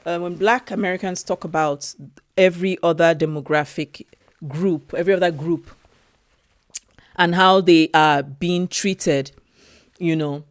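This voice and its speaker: Woman, film review vlog, slow unhurried delivery, dry close sound, heartfelt. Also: lowish voice, steady tone, no room sound. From Europe. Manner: slow, emotional, repeats phrases.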